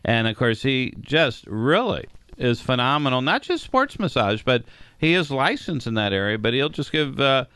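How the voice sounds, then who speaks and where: Lively, smooth-voiced male radio co-host. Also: medium pitch, dry recording. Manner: playful, teasing, reads ads with drawn-out emphasis. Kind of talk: casual radio chat with ad reads.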